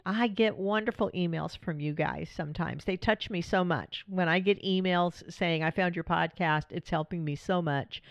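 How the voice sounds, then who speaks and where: A woman's voice: fairly low pitch, no room sound, highs cut off. A woman hosting a podcast as a coach, talking in a chatty, friendly way and laughing often. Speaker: podcast host and widow coach. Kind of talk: casual podcast monologue.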